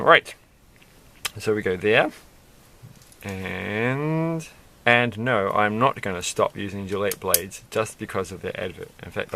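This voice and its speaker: A man's voice: fairly low pitch, creaky, sharp tone, a little hiss or hum. A man chatting casually and rambling with amused asides while building a Lego set.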